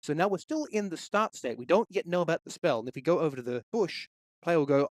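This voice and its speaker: A man teaching game development in a steady, explanatory walkthrough. His voice is slightly higher than average. The recording is dry and close, with no room sound. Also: fast talker, dry recording. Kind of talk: screen-recorded tutorial.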